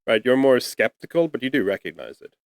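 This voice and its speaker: A man acting as game master, chatty and quick to laugh as he narrates. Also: mid-range voice, sing-song, no room sound, clean studio sound. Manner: chatty, laughs often, many restarts.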